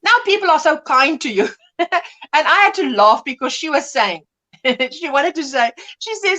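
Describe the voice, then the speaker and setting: A woman's voice: high voice, expressive, normal speed, pushed and bright. A woman in her fifties hosting a crochet livestream from home, chatting casually, greeting viewers and laughing often as she tells stories. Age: 50s. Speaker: livestream host. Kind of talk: casual chat reading viewer comments.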